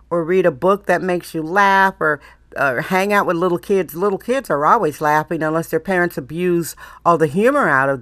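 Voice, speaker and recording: A woman's voice: fairly low pitch, a bit bright, no room sound. A woman from Wisconsin hosting a podcast in a casual, chatty monologue, often laughing and repeating herself. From Milwaukee, Wisconsin, US. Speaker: podcast host.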